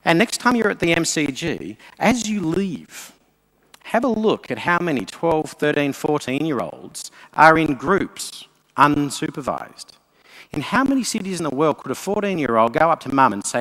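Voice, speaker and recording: A man with an Australian accent giving a conference keynote, animated and punchy in his storytelling. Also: fairly high pitch, moderate pace. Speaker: keynote speaker. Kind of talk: conference speech. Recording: long reverb of a conference hall.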